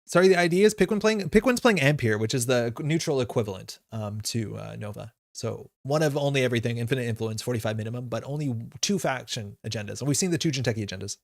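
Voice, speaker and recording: A man's voice: mid-range voice, expressive, fast talker, gravelly, hardly any pauses, dry recording, studio quality. A man streaming a card game live, thinking his moves through aloud in a casual way with plenty of fillers. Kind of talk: live gameplay commentary.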